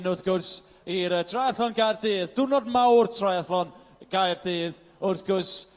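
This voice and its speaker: A man's voice: sits high, slow pace, hardly any pauses, long reverb tail. A man announcing and interviewing at the finish of an outdoor race, upbeat, reeling off finisher names and slipping in Welsh phrases. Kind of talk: live event commentary. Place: outdoor finish area of a triathlon.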